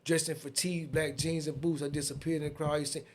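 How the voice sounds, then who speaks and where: A man in his fifties with a Southern US accent, a podcast guest telling a story in a casual, lively way and acting out the other people in it. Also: on the high side, fast talker, slight background noise. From Atlanta, USA.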